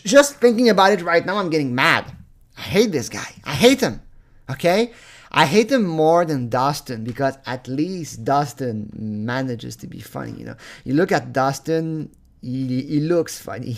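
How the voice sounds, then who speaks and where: A man ranting angrily on his own channel, swearing often, tripping over his words and breaking into laughter. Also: medium pitch. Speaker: vlogger. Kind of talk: profane comedic rant.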